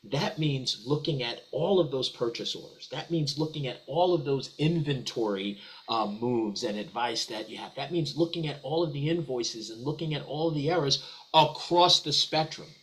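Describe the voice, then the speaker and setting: A man's voice: medium pitch, moderate pace, fairly bright tone, rough recording. A man answering as a guest in a business webinar, talking eagerly with frequent restarts and repeated words. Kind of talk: conversational webinar discussion.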